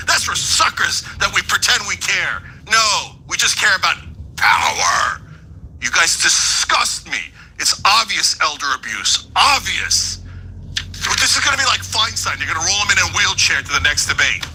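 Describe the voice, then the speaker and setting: A man's voice: high voice, sing-song, moderate pace, pushed and bright, husky, rough recording. A man hosting a show with heated, ranting political commentary. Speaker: host.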